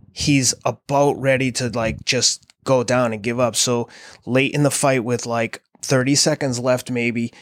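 A man's voice: medium pitch, a bit bright, dry recording. A man in his thirties, a podcast host, telling a rambling story in casual conversation, with many fillers and restarts. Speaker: podcast host, endurance athlete.

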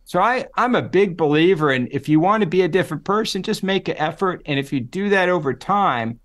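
A middle-aged man with a slightly high voice talks easily in an interview, explaining ideas through lively stories. He slips into quoted voices as he goes. The tone stays relaxed and conversational. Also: fairly quick. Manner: animated storyteller, acts out quoted voices. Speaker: psychology professor guest.

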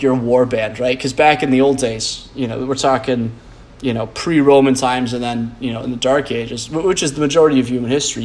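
A man talks through a loose, rambling podcast monologue. His delivery is blunt and profane, packed with fillers and false starts, and his pitch sits in the middle range. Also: darkish tone. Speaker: podcast host.

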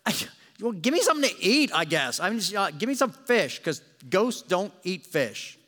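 An insistent, exasperated Jesus, as a preacher puts him on in a sermon, raised high and loud as he pleads to be believed. His voice sways widely and carries a long hall echo. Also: sing-song, moderate pace, full character voice. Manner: emphatic, insistent, comically frustrated.

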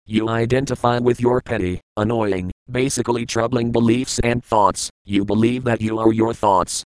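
A man reading the lines of a calm, blunt old male spiritual mentor in an audiobook, firm and patient in a lecturing way. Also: mid-range voice, normal speed, clean tone, no echo, lightly acted, rough recording. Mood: firm teaching.

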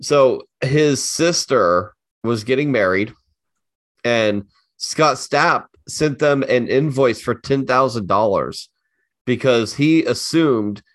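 A man co-hosting a casual podcast chat, easygoing and quick to laugh. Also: mid-range voice, no echo, clean studio sound. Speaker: podcast co-host.

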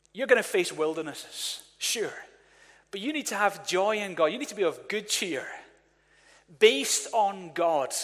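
A man preaches to his congregation with energy, urging them to answer back. His voice sits a touch high. The sound rings out with a long reverb in a church hall. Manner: energetic, calls on the congregation to respond. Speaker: pastor. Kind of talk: sermon.

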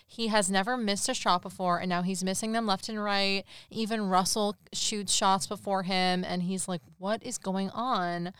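A woman with an even, mid-pitched voice that is very smooth and clear tells a movie plot to her co-hosts, slipping into the characters' lines. The recording is close and dry, with no room sound. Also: moderate pace, hardly any pauses, dry recording. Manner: storytelling with quoted dialogue in a mock voice. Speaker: podcast co-host. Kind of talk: casual chat recapping a movie.

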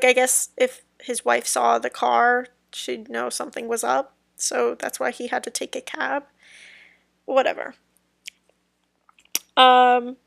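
Slow, gravelly-voiced young woman podcaster. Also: on the high side, no echo, studio quality. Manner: rambling, hesitant, many ums and trailing sentences. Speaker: podcast host. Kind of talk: casual true-crime podcast storytelling.

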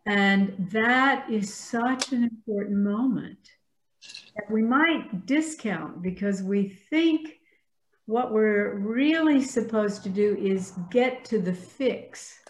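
A woman priest with a Southern US accent, speaking thoughtfully and gently in a spiritual discussion over a video call. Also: mid-range voice, animated, takes it slowly. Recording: roomy echoey sound.

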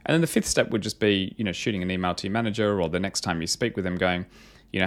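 Low-voiced man reflecting casually. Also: quick pace. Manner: conversational, many fillers and restarts, self-questioning. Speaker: company CEO. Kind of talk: reflective podcast talk, reading his own memo.

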